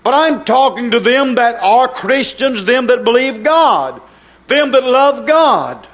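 A man with a notably high voice delivers a fervent sermon. He swings between ringing, lifted cries and low, hushed stretches, pressing his listeners with question after question. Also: lively intonation, takes it slowly. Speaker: preacher.

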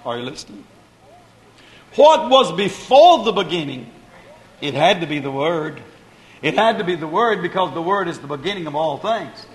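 A man's voice: a little high, animated, a little fast, fairly bright tone. A man preaching a sermon, repeating phrases with rising emphasis and calling out to the congregation. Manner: calls out to the congregation. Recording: reverberant hall.

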